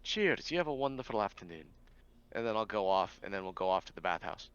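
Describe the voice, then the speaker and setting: A man's voice: fairly low pitch, expressive, quick pace, clear, resonant tone, dull audio. A man chatting casually as a player in a tabletop game.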